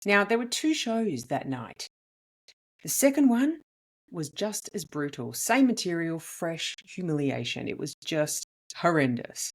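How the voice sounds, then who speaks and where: A woman, a comedian and podcast host, telling a story in an animated, emphatic monologue with big swings in her voice. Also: fairly low pitch, unhurried.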